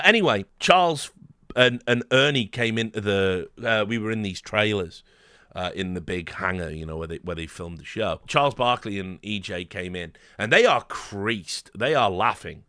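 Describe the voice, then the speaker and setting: A man's voice: fairly low pitch, no echo. A man casually telling a behind-the-scenes story, swearing often and acting out the voices of the people he quotes. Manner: animated, swearing, with frequent fillers and quoted voices. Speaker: host.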